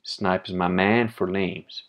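A man's voice: sits low, fairly even intonation, slow, slight background noise. A man hosting a livestream, reading chat messages aloud and answering them bluntly with frequent laughs. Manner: blunt, opinionated, laughs often.

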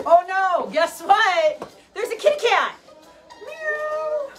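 A young adult woman with a very high, bright voice leads an animal-themed workout class, sounding very animated yet unhurried. The fitness instructor is chatty and encouraging, slipping into playful animal noises, and she sounds distant over faint workout music.

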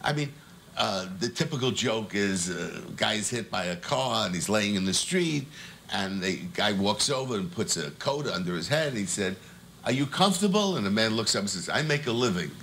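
A man's voice: on the low side, expressive, normal speed, gravelly, a bit bright, a little hiss or hum. An older man, a veteran comedian, reminiscing in an interview and telling old jokes with a punchy, rhythmic delivery.

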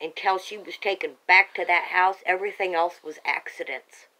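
A woman's voice: fairly low pitch, steady tone, normal speed, sharp tone, low-quality recording. A woman speaks in an agitated, insistent ramble, doubling back and restarting her sentences as she insists on her version. It is a plain home recording, made on a camera held by a family member. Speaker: parent telling her own account.

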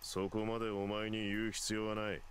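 Male actor as a curt, gruff loner in a game, very low, clipped delivery. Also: little pitch movement, racing, slight background noise, lightly acted. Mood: cold. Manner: curt, dismissive. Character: cold aloof gruff adult man.

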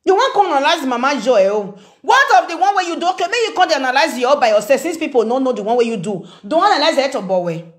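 A woman's voice: high-pitched, big pitch swings, fast, hardly any pauses. A woman with a Nigerian Pidgin English accent, ranting and mocking someone in a confrontational commentary video. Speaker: social media commentator. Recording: echoey room.

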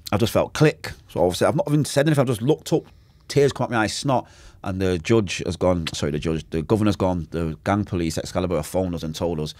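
A man's voice: deep voice, fast talker, darkish tone, no room sound. A man telling an intense, emotional personal story as a podcast guest. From Manchester, England. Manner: intense, emotional, acts out quoted voices.

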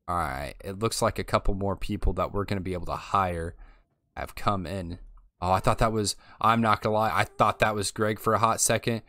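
Young guy rambling thru a game, lowish voice, dry close mic. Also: sharp tone, no room sound. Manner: chatty, thinking aloud with fillers. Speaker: let's play host. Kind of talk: casual gameplay commentary.

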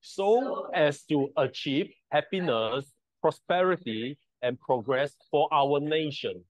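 A man taking part in a workshop, reading a line aloud deliberately. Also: on the high side, animated, no echo, low-quality recording. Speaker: workshop participant.

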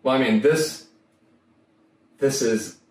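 A man's voice: mid-range voice, slow pace, darkish tone. A man co-hosting a casual chat show, joking and swearing freely. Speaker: podcast co-host. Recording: roomy, distant mic with faint noise.

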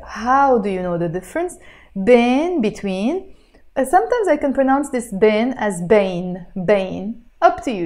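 A woman teaching a spoken Arabic lesson, who has a cough, pronouncing words slowly and carefully and switching between languages. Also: mid-range voice, darkish tone.

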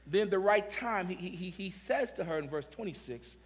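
A man preaching a sermon as pastor to his congregation, swelling into impassioned shouts and calling out to the listeners with repeated words. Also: high-pitched, expressive, moderate pace. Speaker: senior pastor. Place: church sanctuary. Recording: long church hall reverb.

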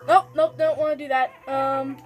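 A young woman giving excitable, giggly let's-play commentary on a game, chatting to her viewers as she plays. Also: high-pitched, moderate pace, soft background music. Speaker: gaming video host.

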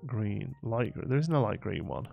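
A man's voice: fairly low pitch, animated, moderate pace, gravelly, narrow, tinny audio, soft background music. A man chatting with viewers during a late-night live game stream, thinking aloud and laughing often.

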